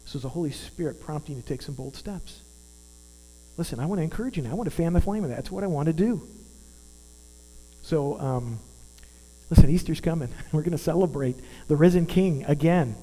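A man in his 50s preaches a sermon in an earnest, conversational way, putting questions to the congregation. His voice is a little high and mellow. The recording carries long hall reverb along with mains hum.

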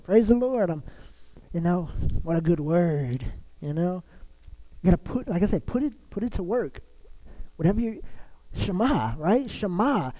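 This pastor's sermon has poor audio quality. He speaks in a relaxed, conversational way, his mellow voice pitched high for a man, with frequent fillers and false starts.

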